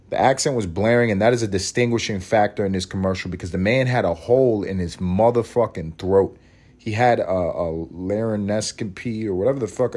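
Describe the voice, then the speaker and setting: Guy in his 30s ranting on his podcast, cursing a lot, kinda low voice, all over the place. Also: a little mellow. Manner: rambling, profane, self-mocking; cranky, scattered. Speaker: podcast host. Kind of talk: casual solo podcast rant.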